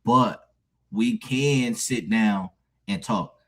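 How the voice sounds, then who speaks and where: A man in his thirties speaking as a panelist, sincere and halting with frequent restarts, about being a stepparent. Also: fairly low pitch, slight background noise. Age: 30s. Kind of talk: candid panel discussion.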